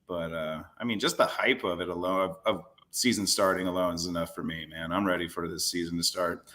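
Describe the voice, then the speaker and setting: A man's voice: deep voice, fairly even intonation, brisk, pushed and bright. A man co-hosting a casual sports podcast, laid-back and jokey, over a video call. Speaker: podcast co-host.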